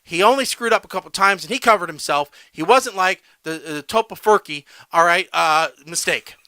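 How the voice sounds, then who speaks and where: A man's voice: high-pitched, normal speed, bright, forceful tone, no room sound. A man co-hosting a casual podcast, ranting and tagging his points with "all right?". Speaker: podcast co-host.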